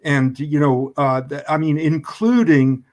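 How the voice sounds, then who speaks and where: A man speaking as a guest in a discussion, who talks haltingly with many hesitations and restarts. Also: on the high side, steady tone, a little mellow. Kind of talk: conversational debate.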